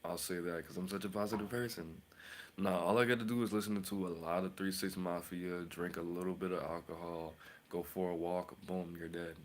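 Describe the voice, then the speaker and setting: A man's voice: deep voice, fairly even intonation, fairly quick, a little hiss or hum. A man hosting his own channel as a tarot reader, rambling and boasting in a casual rant, mocking with sudden whispers and outbursts.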